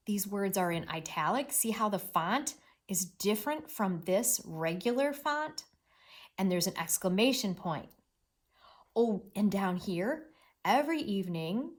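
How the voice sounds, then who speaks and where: A woman's voice: mid-range voice, expressive, measured pace. A woman teacher giving a read-aloud reading lesson, talking expressively to children.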